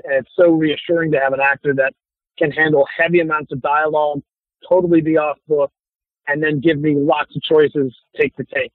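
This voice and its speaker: A man from Chicago, a guest actor chatting casually in an interview, relaxed and rambling with many restarts, over a thin phone-like line. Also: a little high, brisk, no echo. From Chicago, USA.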